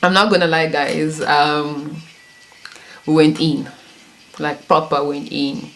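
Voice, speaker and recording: A woman's voice: low voice, little pitch movement, slow pace, a bit bright, slight background noise. A woman in her twenties telling a casual story, chatty and self-mocking, laughing often. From Congo and South Africa. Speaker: YouTuber.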